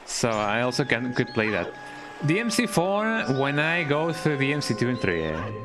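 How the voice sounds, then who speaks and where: A man's voice: medium pitch, very animated, moderate pace. A man streaming a game, rambling and joking in casual commentary and tagging lines with "eh?". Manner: rambling, jokey, with tag-question "eh?". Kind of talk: casual live-stream commentary while playing. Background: game music.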